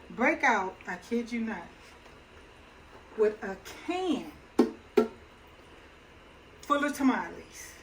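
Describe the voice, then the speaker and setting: A middle-aged woman with a slightly high voice chats her way through a cooking demonstration at her own stove. Her talk is folksy and easygoing, and she laughs easily. A faint hum of kitchen noise sits behind her. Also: a bit bright, low-quality recording. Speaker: home cook and channel host.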